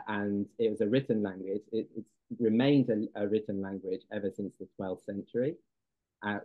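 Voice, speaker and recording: A man's voice: on the low side, no room sound. Man lecturing over a tinny line. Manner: explanatory, checks in with the audience, many fillers. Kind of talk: classroom lecture. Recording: dry, tinny phone-like sound.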